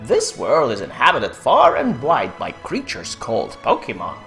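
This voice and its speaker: A streamer voicing a kindly elderly male Pokemon professor in a hammy, booming game-read impression. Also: wildly swooping pitch, normal speed, gravelly, a bit bright, faint music behind, heavily acted.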